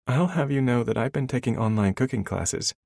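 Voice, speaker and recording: A man's voice: medium pitch, fairly quick, vocal fry, darkish tone, no echo, studio quality, pitched above the performer's own voice. A man voicing a teasing young mother. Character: young woman, new mother, teasing and blunt.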